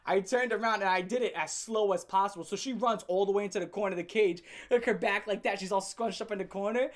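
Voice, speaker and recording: A young man telling a funny story from his teen years in a casual, animated way, laughing often and swearing freely. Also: high voice, fast talker. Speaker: storyteller host. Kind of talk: comedic storytime vlog.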